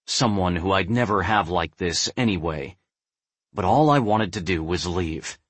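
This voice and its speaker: A young adult man narrating a first-person novel in a measured, brooding way. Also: low voice, fairly bright tone, breathy edge, no echo. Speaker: audiobook narrator.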